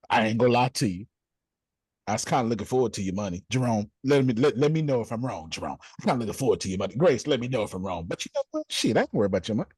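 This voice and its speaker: A middle-aged man leading a group video call, preaching in a blunt, slangy way with casual swearing, jumping from low asides to high exclamations. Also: very animated, quick pace, darkish tone, breathy edge, no echo. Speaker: host leading a group discussion. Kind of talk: preacherly motivational talk.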